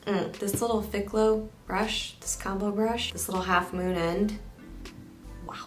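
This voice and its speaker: A woman's voice: medium pitch, fairly even intonation, a little slow, soft background music. A young woman giving a candid, chatty makeup review that she speaks straight to her viewers. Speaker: beauty reviewer. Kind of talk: casual product review vlog.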